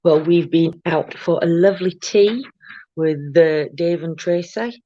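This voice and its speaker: A woman's voice: on the low side, a little slow, mellow, dry recording, dull audio. An older woman, tired, chatting casually on a live stream as a tarot reader, greeting viewers by name with many ums.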